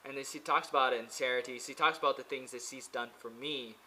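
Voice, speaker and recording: Rambling, bright-voiced man vlogging. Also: medium pitch, steady tone, quick pace, a little hiss or hum, poor audio. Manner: hesitant, many fillers and restarts. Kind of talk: rambling casual monologue. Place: pagoda.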